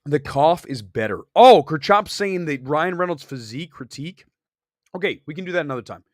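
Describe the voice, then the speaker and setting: A man hosting a live movie talk show, opinionated and animated, talking fast and reacting to chat comments. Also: a little high, no room sound, studio quality. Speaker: host. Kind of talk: casual live-stream film chat.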